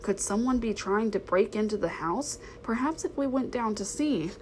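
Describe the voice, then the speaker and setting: Woman voicing a young mother, gentle, worried, storybook. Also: a little high, expressive, normal speed, a little hiss or hum, close to an everyday voice, rough recording.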